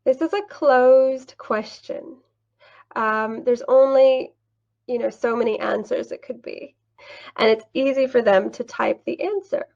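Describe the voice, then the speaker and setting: A woman's voice: on the high side, moderate pace, darkish tone, lo-fi sound. A young woman teaching online, walking through a screen-share tutorial with a patient, teacherly manner. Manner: clear, patient, teacherly, asks and answers her own questions. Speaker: English teacher and teacher trainer.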